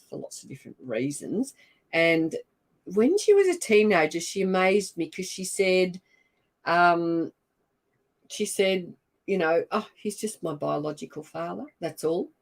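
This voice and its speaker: An older woman with an Australian accent, hosting a casual livestream and greeting viewers by name in an effusive, chatty way. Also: on the low side. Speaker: livestream host. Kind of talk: casual live-stream chat.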